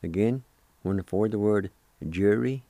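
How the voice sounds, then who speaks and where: A man's voice: lowish voice, measured pace, warm tone, no room sound. A man teaching a language lesson on the radio, spelling words out and patiently repeating each one several times.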